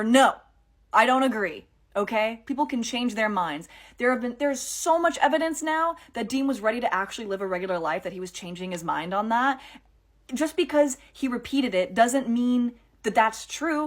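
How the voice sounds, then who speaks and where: A woman speaking in a casual vlog, venting with plenty of swearing and filler words. She jumps between loud, indignant outbursts and quiet, deflated muttering. Her voice sits at an ordinary middle pitch for a woman. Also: moderate pace. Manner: exasperated, ranting, with heavy swearing and "like"; swings between animated outbursts and low, subdued stretches. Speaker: TikTok creator reviewing a TV finale.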